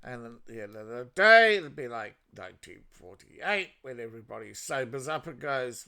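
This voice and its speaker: Sarcastic Australian man, lively bright ranting. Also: mid-range voice, moderate pace, vocal fry, hardly any pauses, clear, resonant tone. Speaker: political commentary host. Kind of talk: solo political commentary monologue.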